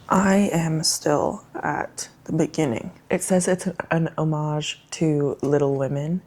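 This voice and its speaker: A woman's voice: deep voice, vocal fry, darkish tone. A young woman in her twenties chatting to camera about what she is reading, casual and emotional. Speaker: reading vlogger. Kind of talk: casual vlog talk to camera.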